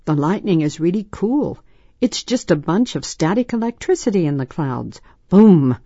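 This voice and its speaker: A woman's voice: fairly low pitch, very animated, moderate pace, warm tone, breathy edge, dry recording, heavily acted. Woman reading as a cheery know-it-all boy, reassuring, slightly dull sound. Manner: reassuring, explaining.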